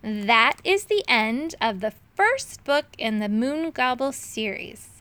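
Woman reading a children's story aloud, bright tone, lively intonation, dry close sound. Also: fairly high pitch, slow pace, smooth, dry recording. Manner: expressive, animated reading. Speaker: storybook reader.

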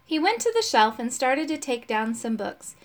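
A woman reading a children's chapter book aloud. Her voice sits fairly high and moves a lot, and she tells the story in a lively, expressive way. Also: normal speed. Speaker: storybook reader.

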